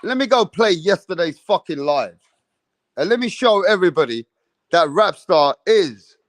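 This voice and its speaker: A man's voice: sits high, dry recording. Brash, boastful man hosting a boxing live stream. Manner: boastful, brash and profane, addressing the chat. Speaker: boxing channel host.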